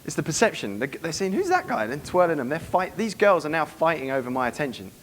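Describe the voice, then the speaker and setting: A man giving a seminar to a live room, brisk and profane, acting out club scenes as he goes. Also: fairly high pitch, expressive, a bit bright, slight background noise. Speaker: dating coach giving a seminar. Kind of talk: live seminar talk to an audience.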